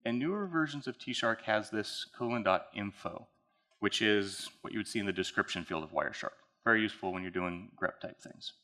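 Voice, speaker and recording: A man's voice: lowish voice, brisk, pushed and bright. A man speaking at a conference, walking the audience through a technical case study in a casual, conversational way. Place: conference hall.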